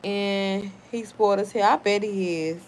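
Young woman streamer, a little drunk, brash and quick to clap back at her chat, mid-range voice. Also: mid-range voice, fairly even intonation, a little mellow. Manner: brash, profane, quick to snap at chatters. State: tipsy from wine. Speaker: livestream host reading chat. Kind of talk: casual livestream chat.

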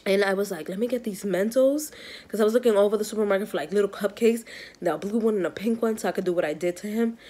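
A pregnant woman in her thirties from New York, chatting excitedly to camera in a rambling, giggly way. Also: mid-range voice, quick pace. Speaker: vlogger, mother of five. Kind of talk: casual vlog chat to camera.

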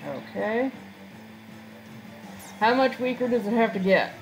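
A woman's voice: a little high, expressive, unhurried, over music, poor audio. A woman chatting casually and making joking asides while she plays a video game. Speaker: let's-play gamer. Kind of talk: casual gameplay commentary.

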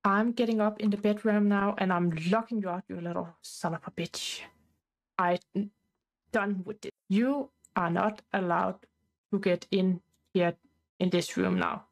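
A woman's voice: medium pitch, steady tone, unhurried, natural voice. A woman voicing a stubborn young woman in a life-sim game who snaps defiantly at her partner. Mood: spiteful. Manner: snapping, bratty.

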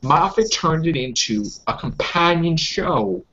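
A man's voice: on the high side, animated, a little slow, pushed and bright. A man hosting a casual fan podcast, ranting and swearing with strong opinions. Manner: ranting, swears, mocks people in silly voices. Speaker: podcast host. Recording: dull lo-fi audio.

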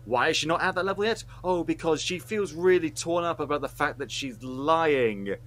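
A man's voice: on the high side, moderate pace, fairly bright tone. A man co-hosting a film review podcast, ranting with heated, sweary sarcasm. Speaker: podcast co-host reviewing films. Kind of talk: casual podcast rant.

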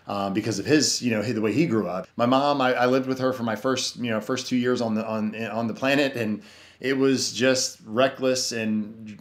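Low-voiced man telling his life story. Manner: earnest, rambling, full of "you know" fillers and restarts. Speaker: podcast guest. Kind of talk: personal testimony in casual conversation. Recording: roomy echo.

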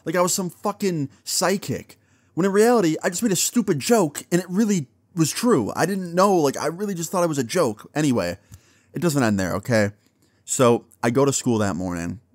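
A young man casually telling a personal story to his viewers, acting out the dialogue in an animated way and swearing now and then. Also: medium pitch, normal speed, dry recording. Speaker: storytime vlogger.

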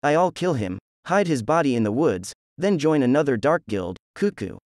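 A man voicing a gruff, hot-tempered adult male swordsman who growls threats, pitched up from his usual voice. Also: very animated, normal speed, darkish tone, no room sound, clean studio sound, close to an everyday voice.

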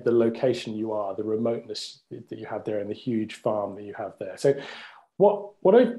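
Male webinar host, mellow tone, breezy and jokey delivery. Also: medium pitch. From United Kingdom. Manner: upbeat and jokey, with frequent restarts. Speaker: company CEO, webinar host. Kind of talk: casual webinar hosting.

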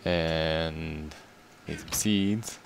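Deep-voiced man rambling over gameplay. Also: very slow, creaky, slight background noise. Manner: rambling, excitable, laughs often. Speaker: gaming video creator. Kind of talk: casual gameplay commentary.

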